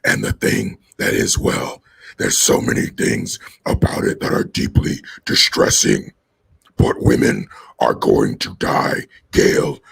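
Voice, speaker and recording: A man voicing a menacing, demonic version of a woman politician in a deep, gravelly, breathy growl. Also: level tone, slow pace, a bit bright, exaggerated voice.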